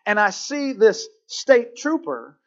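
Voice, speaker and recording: A man voicing an insistent young male New Yorker in a joke he tells during a sermon, his voice raised and animated. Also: sits high, takes it slowly, pitched above the performer's own voice, full character voice. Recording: muffled lo-fi recording.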